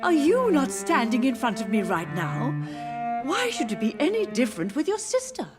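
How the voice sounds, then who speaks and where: An actress playing a grieving, confused elderly mother who speaks softly and sorrowfully. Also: high-pitched, wildly swooping pitch, normal speed, loud music behind the voice. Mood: sad, tender. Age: older. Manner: soft, sorrowful, gently insistent.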